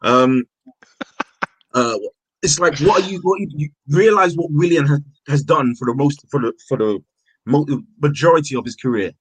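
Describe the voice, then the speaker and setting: Husky, stammering frustrated male fan. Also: a little high, normal speed, no room sound, low-quality recording. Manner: frustrated, stammers and repeats words, swears. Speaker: football fan panelist. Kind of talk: heated casual football chat. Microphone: own mic on an online call.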